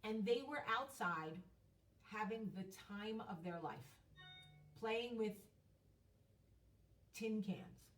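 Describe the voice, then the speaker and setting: A woman's voice: medium pitch, animated, takes it slowly, pauses often, recorded from a distance, soft background music. A woman hosting a casual vlog, telling a story in a chatty, emphatic way with some casual swearing. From United States. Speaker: host. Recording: echoey room, voice off-mic.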